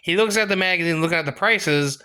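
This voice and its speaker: A young man tells a story to his viewers in a casual, rambling way, restarting his sentences often. His voice sits high and has a bright, forceful edge. He sounds animated as he tells it. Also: quick pace, smooth. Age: young adult. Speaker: storytime vlogger.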